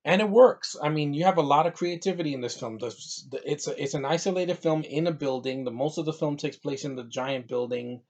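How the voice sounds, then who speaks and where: A man's voice: on the high side, fairly quick, hardly any pauses, darkish tone. A man from New York giving a casual, rambling movie review, full of fillers and restarts.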